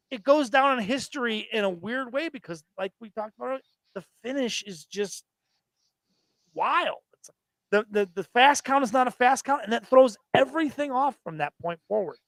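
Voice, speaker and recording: A man in his thirties co-hosting a wrestling podcast, telling stories with excited, profane enthusiasm. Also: extremely high pitch, no room sound. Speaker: podcast co-host. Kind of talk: casual wrestling chat.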